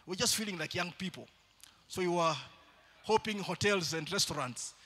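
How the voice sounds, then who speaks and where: Preacher guy, fairly high husky voice, goes loud then soft. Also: normal speed. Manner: animated preaching with sudden loud calls to the congregation. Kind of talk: sermon. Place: church.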